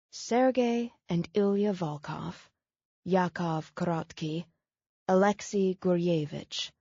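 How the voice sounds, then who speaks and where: A woman narrating a novel in a measured, steady way. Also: on the low side, dry recording, dull audio. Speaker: audiobook narrator. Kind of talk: scripted audiobook narration.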